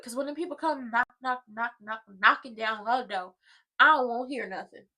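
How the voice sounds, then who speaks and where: A woman's voice: on the high side, normal speed, bright, forceful tone, poor audio. A woman hosting a casual soap opera watchalong, recapping scenes with sass and drama. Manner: sassy, dramatic, acts out the characters' lines.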